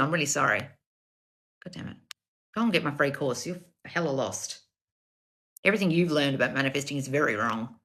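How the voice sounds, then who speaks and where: A woman's voice: medium pitch, bright, forceful tone. A woman coach on a livestream, reading viewer comments and answering bluntly, with lots of swearing and calling people darling. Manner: blunt and profane, calls listeners darling. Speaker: self-help coach.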